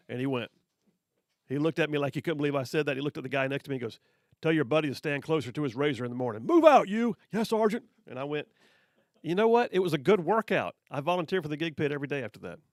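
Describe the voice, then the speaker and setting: A man's voice: medium pitch, no echo, studio quality. Chatty male radio host telling stories. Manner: chatty, repeats words as he goes. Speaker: radio talk show host. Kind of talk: casual on-air storytelling.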